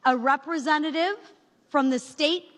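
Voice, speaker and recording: A woman giving a formal, deliberate floor speech as a congresswoman nominating a speaker, heard through a broadcast feed from a large chamber. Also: high voice, fairly bright tone, in a large hall.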